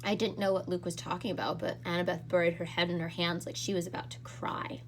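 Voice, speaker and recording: A woman teacher reading a novel aloud to her students in an expressive storybook manner. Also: fairly low pitch, quick pace, a little hiss or hum.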